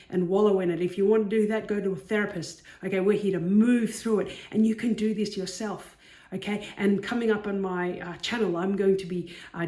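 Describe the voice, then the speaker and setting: A woman's voice: mid-range voice, warm tone. A woman giving a casual motivational talk, chatty and saying okay again and again. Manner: chatty, says okay often. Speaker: self-help vlogger. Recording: echoey room.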